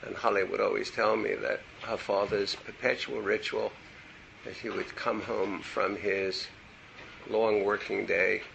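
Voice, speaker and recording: A man's voice: lowish voice, flat delivery, unhurried, gravelly, a bit bright, muffled recording, slight background noise. An older man giving a meandering university lecture on poetry, full of digressions and asides. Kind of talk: classroom lecture. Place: lecture room.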